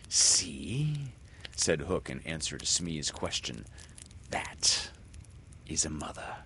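A man reading aloud and voicing a brooding, villainous male pirate captain who speaks low and hushed. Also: sing-song, takes it slowly, a little hiss or hum, exaggerated voice. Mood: solemn.

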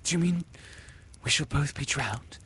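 A man's voice: a little high, unhurried, fairly bright tone, slight background noise, pitched above the performer's own voice. A man voicing a brave, earnest young girl in a read-aloud storybook.

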